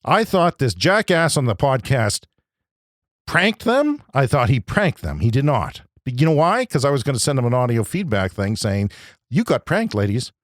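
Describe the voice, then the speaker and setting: Agitated, ranting man with a lively voice. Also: mid-range voice, normal speed, no echo, clean studio sound. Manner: agitated, profane, swings between loud outbursts and muttering. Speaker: podcast host. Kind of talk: ranting comedic monologue.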